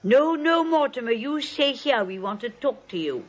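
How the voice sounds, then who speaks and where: A prim, sweet old aunt. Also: female voice, high voice, lively intonation, normal speed. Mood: prim gentle. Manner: gentle, prim and matter-of-fact. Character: sweet elderly spinster aunt, genteel and cheerful. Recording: muffled vintage radio broadcast.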